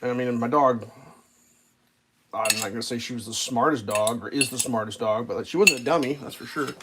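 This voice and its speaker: A man's voice: medium pitch, a little fast, noisy background. A man live streaming and chatting casually over breakfast, rambling and profane, with plenty of fillers.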